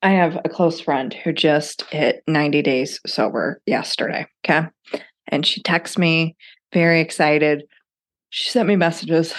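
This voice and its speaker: A woman's voice: sits low, a little slow. A woman in her thirties hosting a podcast, talking casually and bluntly and swearing freely. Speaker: podcast host. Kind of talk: casual solo podcast talk.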